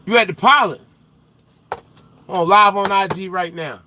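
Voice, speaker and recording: A young male trucker hosting a casual livestream, chatting with viewers in loose slang and getting loud and animated as he teases the chat. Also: high voice, unhurried, a little hiss or hum. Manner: loose slang-heavy banter, gets loud and animated when teasing chatters.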